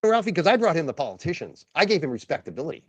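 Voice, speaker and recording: Man, mocking and dismissive, dry close sound, bouncy pitch. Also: sing-song, racing, no room sound.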